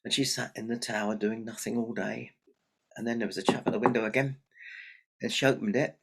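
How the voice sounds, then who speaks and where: Husky male storyteller. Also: mid-range voice, brisk. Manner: lively, chatty, addresses the audience. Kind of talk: oral folk tale telling.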